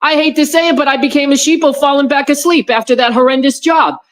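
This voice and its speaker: A woman's voice: high-pitched, quick pace. A woman guest in an interview, telling a personal story in a rambling way with many restarts and repeated words, on a video call. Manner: animated when recounting her friends' words.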